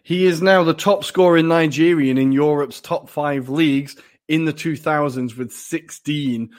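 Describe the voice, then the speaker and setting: Excitable man talking football. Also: fairly high pitch, a little slow. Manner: excitable, laughs a lot, swears casually. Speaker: podcast co-host. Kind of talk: casual football chat.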